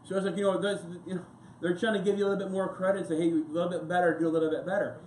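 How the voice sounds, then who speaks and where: An American male pastor with a somewhat high voice speaks from the pulpit of a church sanctuary at a racing pace. His sermon is conversational and rambling, full of anecdotes and asides. The echoey room adds a faint hum of ambience.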